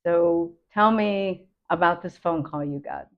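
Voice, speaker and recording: A woman's voice: fairly low pitch, unhurried, muffled recording. A woman host, a computer consultant, earnestly explaining a public safety warning.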